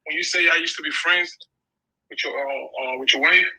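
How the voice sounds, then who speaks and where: A man's voice: on the high side, fairly even intonation, a little fast, bright, forceful tone, husky, no echo, rough recording. A man hosting a casual group chat, cutting in with slangy questions.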